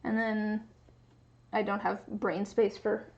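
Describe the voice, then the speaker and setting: A woman's voice: mid-range voice, little pitch movement, takes it slowly, creaky, a little mellow, lo-fi sound. A woman from the Pacific Northwest with a light regional American accent, chatting casually and rambling with lots of restarts while she streams her crafting. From Pacific Northwest, USA.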